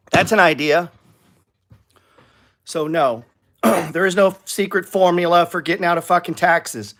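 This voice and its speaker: A man's voice: fairly high pitch, measured pace, long pauses, a bit bright. A middle-aged man hosting a live trading show, talking over stock charts in a blunt, profane, lecturing way.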